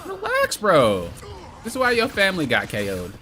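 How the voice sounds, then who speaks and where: Young male streamer, playful fed-up complainer, bright tone, very swingy pitch. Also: wildly swooping pitch, normal speed. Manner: exasperated, playful trash talk to teammates; mock-complaining, teasing. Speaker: streamer playing a hero shooter. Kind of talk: live gameplay commentary.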